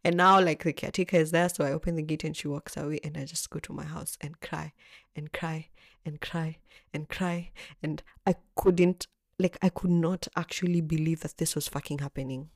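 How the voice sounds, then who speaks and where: A young woman tells her own story with lively, swinging emphasis and frequent swearing. Her speaking voice sits fairly low. The sound is close and dry, with no room echo. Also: normal speed. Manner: animated, expressive, swears freely. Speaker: vlogger. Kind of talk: storytelling chat.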